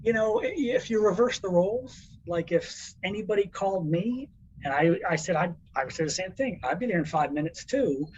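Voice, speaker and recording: A man co-hosting a podcast, telling a story in a casual, animated way. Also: high voice, normal speed, lo-fi sound, a little hiss or hum. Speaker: podcast co-host. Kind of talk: casual chat.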